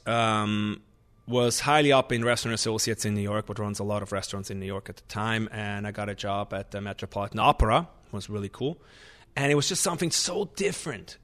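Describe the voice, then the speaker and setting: Man, chef, storytelling, animated, restarts a lot, mid-pitched voice. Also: brisk. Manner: animated, restarts often, acts out kitchen shouting. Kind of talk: conversational storytelling.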